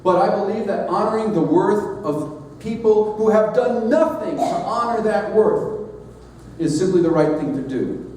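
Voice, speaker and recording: A middle-aged man giving a sermon-style address as leader of a society, speaking in a measured, earnest way with emphatic pauses. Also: high voice, animated, darkish tone, slight background noise. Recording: echoey hall, mic at a distance.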